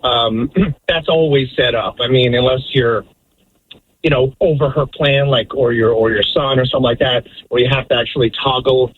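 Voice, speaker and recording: A man calling in to a radio show, speaking in a friendly but halting way. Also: mid-range voice, fairly even intonation, a little hiss or hum. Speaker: caller. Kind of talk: phone call to radio show. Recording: tinny phone line.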